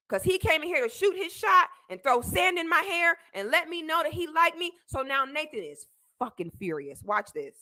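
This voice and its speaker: A young woman streamer telling a story as she reacts to a clip, expressive and laughing as she acts out what people said. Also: high-pitched, moderate pace. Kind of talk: animated storytelling commentary.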